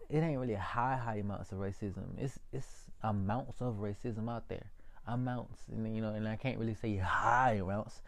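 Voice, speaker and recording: A man's voice: on the low side, creaky, darkish tone. A young man ranting casually to his viewers, profane and rambling, calling them y'all. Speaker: political vlogger.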